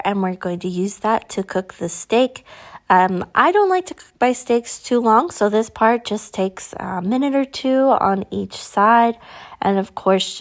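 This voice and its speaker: A woman with a Southern American country twang narrates a home recipe in a relaxed, friendly voice-over at a mid-range pitch. She talks plainly and warmly to her viewers and pokes a little fun at herself. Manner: relaxed, friendly, a bit self-deprecating. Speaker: cooking vlogger.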